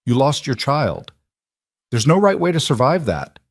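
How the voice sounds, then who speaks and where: A man voicing a grieving father who speaks in a calm, firm and careful way. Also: mid-range voice, measured pace, no echo, clean studio sound, voice pushed up. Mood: firm comfort. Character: steady, gentle grieving father.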